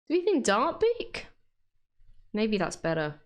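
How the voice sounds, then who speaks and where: A woman's voice: lowish voice, wildly swooping pitch, a little slow. A woman chatting casually while she draws, joking at her own efforts and laughing often. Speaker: art vlogger. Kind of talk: casual drawing commentary.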